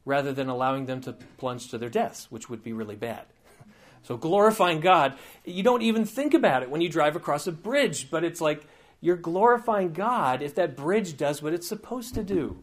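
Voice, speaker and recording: Man preaching in a slightly higher, chatty voice. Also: expressive, normal speed. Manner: informal and digressive, with frequent asides and light humor. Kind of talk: conversational teaching sermon.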